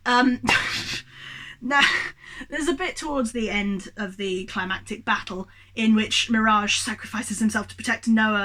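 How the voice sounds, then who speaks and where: A young woman with a high, bright voice rants about a film at home, getting more exasperated as she goes. She talks in a worked-up, sweary way, straight into a camera on a tripod. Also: steady tone, measured pace. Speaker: movie reviewer. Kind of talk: animated ranting movie review.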